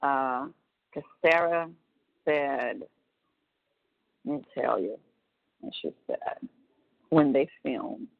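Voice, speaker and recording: A middle-aged woman talks slowly and haltingly, restarting her sentences. Her low voice has a gravelly rasp, heard dry through a tinny phone line. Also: expressive, no echo. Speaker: relative on a prison call. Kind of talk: casual phone chat.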